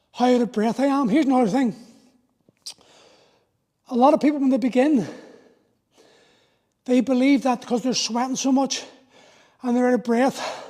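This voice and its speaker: Mellow-voiced man in his forties coaching. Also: very high-pitched. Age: 40s. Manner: earnest, explanatory coaching with a motivational push. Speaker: fitness coach. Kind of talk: talking through a live workout.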